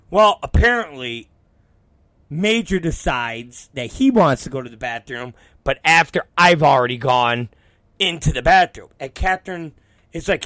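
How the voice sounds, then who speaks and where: A show host with a fairly high voice and no echo tells a profane comic story. He's animated, swears heavily and acts out the quoted dialogue.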